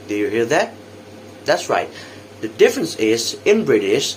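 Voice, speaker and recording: A young man with an Indonesian accent, giving a practice English lesson as a student teacher and repeating example words slowly for drilling. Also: mid-range voice, very animated, fairly bright tone, a little hiss or hum.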